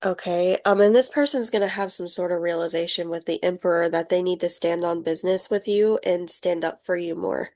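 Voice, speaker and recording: A young woman giving a casual tarot reading, chatty and animated, laughing often and acting out the people she describes. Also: lowish voice, a little fast, few pauses. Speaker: tarot reader.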